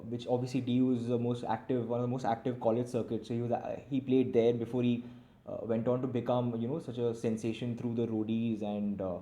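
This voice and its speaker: A man's voice: medium pitch, warm tone. Man musing in an echoey room. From India. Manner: rambling, many "uh" fillers and restarts. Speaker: basketball commentator and channel host. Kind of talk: casual solo commentary.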